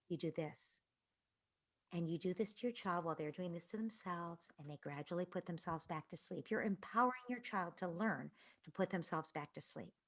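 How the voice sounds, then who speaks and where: Earnest woman explaining parenting gently. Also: on the low side. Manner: earnest, explanatory, drops to soft whispers when quoting a parent. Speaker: parenting expert. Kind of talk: answering audience questions.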